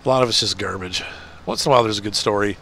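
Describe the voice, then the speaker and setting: Low-voiced, stuffed-up man chatting. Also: rapid-fire, vocal fry, fairly bright tone, a little hiss or hum. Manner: rambling, self-deprecating chatter. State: stuffed-up nose. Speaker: gaming video host. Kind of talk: casual chat while playing.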